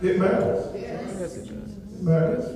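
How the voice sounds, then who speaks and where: A woman preacher delivering a sermon with call and response, emphatic and repetitive, often climbing into shouts. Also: medium pitch, extremely slow, recorded from a distance. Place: church sanctuary. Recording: echoey hall, voice from afar. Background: congregation calling out.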